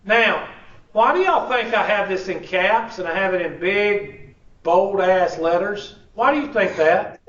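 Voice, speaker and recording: High-pitched and fairly bright, a male instructor runs his college class in a relaxed, joking way, with a drawled "y'all." A room mic far from him makes the recording echoey, distant, and dull.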